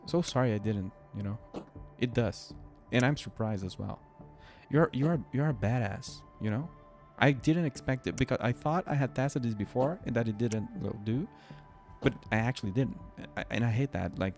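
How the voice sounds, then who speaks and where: With a medium-pitched, darkish voice, a Brazilian game streamer who grew up speaking Portuguese drowsily rambles through his gameplay commentary. He's chatty, keeps interrupting himself mid-sentence, and faint game music plays in the background.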